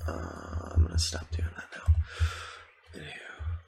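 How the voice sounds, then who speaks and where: A man's voice: a bass voice, animated, measured pace, vocal fry, long pauses, a little mellow. A man whispering ASMR gaming commentary and rambling playfully with goofy asides. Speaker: ASMR gaming channel host.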